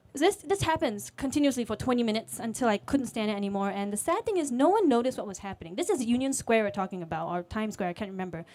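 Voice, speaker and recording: A slightly high, slightly mellow voice belongs to a late-20s Singaporean woman, a music teacher speaking at a storytelling event. Before an audience, she relates a personal story in a casual, candid way, peppered with fillers and quoted voices.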